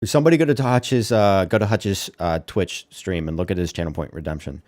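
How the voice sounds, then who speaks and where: A man's voice: sits low, brisk, a little mellow, dry recording, studio quality. A man streaming, reacting in offhand, profane asides to chat and a video. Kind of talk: casual stream commentary.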